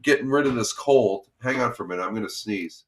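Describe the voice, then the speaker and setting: A man's voice: on the low side, quick pace. A middle-aged man with a cold, hosting a casual morning live stream from home, rambling with lots of fillers and small laughs. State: has a cold. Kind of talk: casual chat reading viewer comments. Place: home, by a window.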